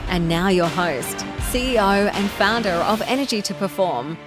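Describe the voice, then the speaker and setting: A woman's voice: mid-range voice, lively intonation, moderate pace. A woman announcing a podcast's opening in a polished, emphatic scripted promo. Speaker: show announcer. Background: music.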